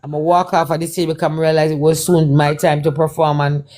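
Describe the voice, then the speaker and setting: Jamaican woman with a lowish voice. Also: little pitch movement, fairly quick, dark tone. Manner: Patois-laced, repetitive retelling with quoted dialogue. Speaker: guest performer. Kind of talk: testimony storytelling.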